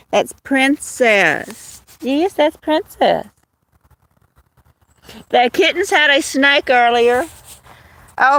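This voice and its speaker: A woman's voice: on the high side, a bit bright. Chatty woman. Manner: rambling, talks to her cats and viewers. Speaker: livestream host. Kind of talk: casual livestream chat. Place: outdoors with kittens, walking to a field. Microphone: phone.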